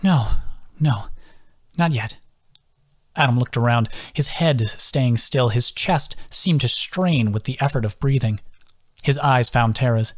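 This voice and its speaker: A man's voice: medium pitch, a little slow. A man, the author, reading his own fantasy novel as scripted audiobook narration. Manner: steady storytelling.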